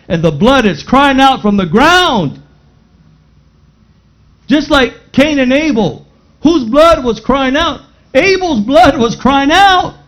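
A man preaching a sermon with dramatic swings, rising to shouts at times. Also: sits high, low-quality recording. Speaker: pastor.

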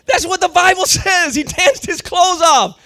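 A man preaching a sermon with fervor, slangy and full of restarts, often building up to shouting. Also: extremely high pitch, unhurried.

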